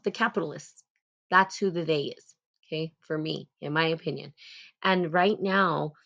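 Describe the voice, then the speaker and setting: A woman hosting a casual live talk, blunt and animated, swearing freely as she calls people out. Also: lowish voice, muffled recording. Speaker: host.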